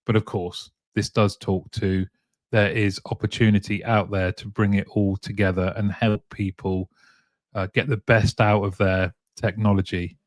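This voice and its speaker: A man's voice: lowish voice, little pitch movement, normal speed, no room sound, studio quality. A man hosting a casual live-streamed talk show, chatting, reading out viewer comments and often chuckling. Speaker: show host.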